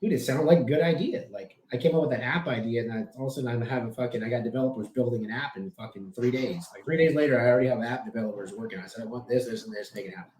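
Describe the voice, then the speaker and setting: A man's voice: medium pitch, rapid-fire, few pauses, darkish tone. A man talking casually as a podcast guest, telling brash, profane, boastful stories. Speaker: podcast guest, business owner. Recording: echoey room with noise.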